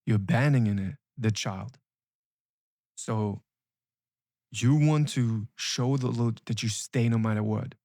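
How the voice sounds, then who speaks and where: A man's voice: on the low side, a little slow, long pauses, dark tone, dry recording. Emphatic male coach, dry close sound. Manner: emphatic, repetitive, urgent. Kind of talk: motivational coaching talk.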